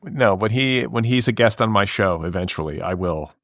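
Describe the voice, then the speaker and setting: A man hosting a pop culture podcast, chatting casually and reading ads in a dry, deadpan way. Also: on the low side, normal speed, dry recording. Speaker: podcast host.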